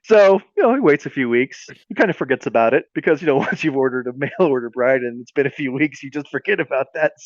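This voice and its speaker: A man tells a silly tale on a podcast, rambling and restarting often. His pitch leaps about with lively swings. The recording sounds muffled and completely dry. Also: fast talker, few pauses, no echo. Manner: rambling, lots of fillers and restarts. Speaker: podcast co-host. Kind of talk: casual comedic storytelling. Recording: dull dry podcast audio.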